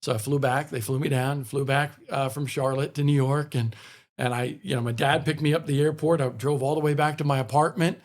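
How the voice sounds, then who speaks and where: A man's voice: medium pitch, a little fast. A middle-aged man from the northeastern US, a racing broadcaster, telling stories from his career in a casual chat and acting out the other people's lines. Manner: animated storyteller acting out quoted dialogue. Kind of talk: casual storytelling.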